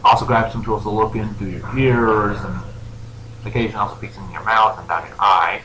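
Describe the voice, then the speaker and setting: A man's voice: lowish voice, steady tone, a little fast. Male game master, rambling narration, roomy echo with faint hiss. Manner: rambling, filler-heavy narration. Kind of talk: narrating a tabletop role-play. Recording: echoey room with faint noise.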